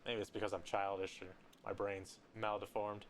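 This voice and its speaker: A man from Colorado with a raspy voice, giving casual, rambling, joking commentary while he streams a game. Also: fairly low pitch, flat delivery, moderate pace, slight background noise.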